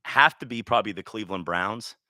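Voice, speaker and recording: A man's voice: fairly low pitch, a little fast, sharp tone, no echo. A man hosting a casual sports talk show, rambling and joking with plenty of restarts. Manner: rambling, jokey, with lots of restarts.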